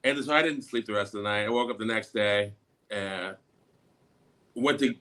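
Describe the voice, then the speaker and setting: Animated middle-aged man telling a story. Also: lowish voice, normal speed. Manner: animated, acts out quotes in a raised, shouting voice. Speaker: podcast co-host. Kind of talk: casual storytelling.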